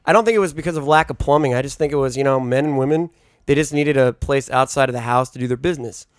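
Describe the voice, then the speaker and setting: A man's voice: mid-range voice, fast, clean tone, no room sound, clean studio sound. A man on a comedy podcast rambling through offbeat jokey musings in casual chat. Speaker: podcast co-host.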